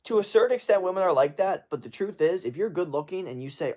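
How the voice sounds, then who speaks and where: A man's voice: on the high side, fast, few pauses, a little mellow. A young man giving blunt, profane advice in a casual live-stream rant, full of fillers and emphatic swearing. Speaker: streamer answering chat.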